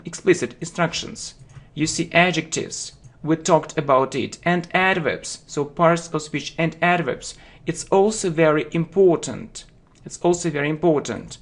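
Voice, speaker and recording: Guy teaching words real slow, keeps saying yeah? and okay, repeats stuff. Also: on the high side, expressive. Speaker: English teacher. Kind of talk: slow deliberate vocabulary lesson.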